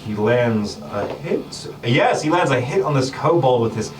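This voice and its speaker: A man's voice: medium pitch, animated, unhurried. A man narrating as game master of a tabletop game, describing the action with many fillers and small laughs. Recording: distant mic with background music.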